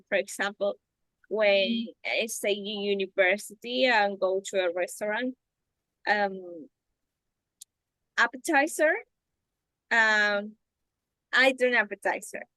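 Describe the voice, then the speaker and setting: A young Ecuadorian woman, a native Spanish speaker, answering in halting learner English with many pauses and fillers. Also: medium pitch, a bit bright, dry recording, rough recording. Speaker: student.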